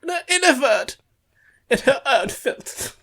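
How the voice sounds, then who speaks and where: A man's voice: very high voice, big pitch swings, a little slow, sharp tone, voice pushed up, heavily acted. A man putting on a clumsy, overdone French accent that keeps drifting as he reads out a formal letter in a podcast. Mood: mock formal.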